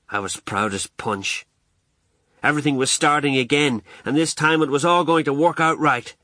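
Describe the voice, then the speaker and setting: Bright-voiced man narrating a novel. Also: on the high side, moderate pace, no room sound. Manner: wry, lively storytelling with colloquial turns. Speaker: audiobook narrator. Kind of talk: first-person novel narration.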